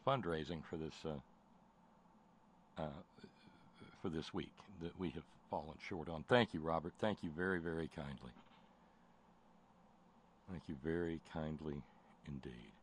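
A man's voice: fairly low pitch, a bit bright. A man hosting a political call-in radio show, talking casually with sarcasm and frequent stammering restarts. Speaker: radio talk show host.

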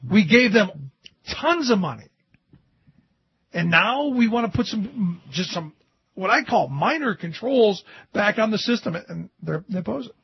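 A male radio host rants about politics in a high, raspy voice. He is animated and sarcastic and mocks his opponents. The sound is dull and lo-fi, dry and close. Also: measured pace, no room sound. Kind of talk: political commentary talk show.

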